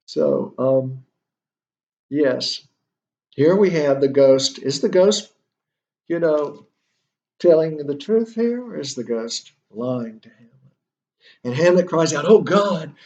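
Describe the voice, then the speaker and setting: A man's voice: on the high side, animated, takes it slowly, vocal fry, long pauses, mellow, lo-fi sound. A male instructor giving a literature lecture, thinking aloud with many fillers and rhetorical questions.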